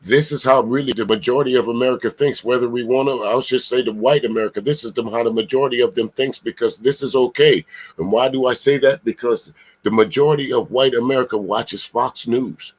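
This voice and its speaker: A man talks back at a clip in a casual reaction commentary. He is blunt and emphatic, swears freely, and keeps stumbling over drawn-out filler sounds between points. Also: mid-range voice, steady tone, breathy edge. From Charleston, South Carolina.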